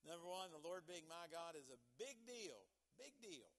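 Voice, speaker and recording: A man's voice: fairly high pitch, very animated, normal speed, few pauses, a bit bright. A man preaching a sermon in a folksy, emphatic way, repeating key phrases and chuckling between points.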